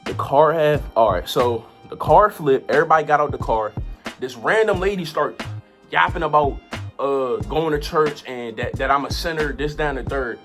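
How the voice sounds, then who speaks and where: A young woman telling a story in a casual vlog, animated and full of repeated "like"s. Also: low voice, normal speed, soft background music. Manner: animated, lots of "like" and repeated phrases.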